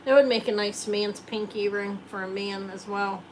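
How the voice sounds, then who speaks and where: A woman's voice: medium pitch, steady tone, normal speed, slight background noise, rough recording. A woman hosting a live jewelry sale, chatting casually and joking while she shows rings.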